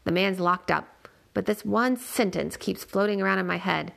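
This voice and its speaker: A woman narrating a first-person audiobook in a measured, plain storytelling manner. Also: medium pitch, gravelly, a bit bright.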